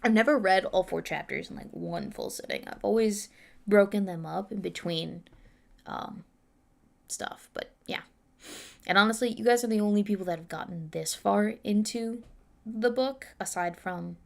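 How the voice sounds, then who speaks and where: A woman's voice: medium pitch, measured pace, creaky, a bit bright. A woman streaming a reading of her own novel, chatting casually with viewers and talking herself through the pages. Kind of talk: livestream chat and book reading.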